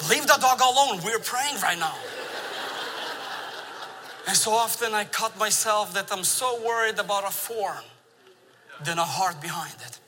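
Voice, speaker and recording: Bright-voiced man preaching in a hall. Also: high-pitched, a little hiss or hum. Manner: animated storytelling with laughs. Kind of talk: sermon. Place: large church sanctuary. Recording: long reverb of a large church hall.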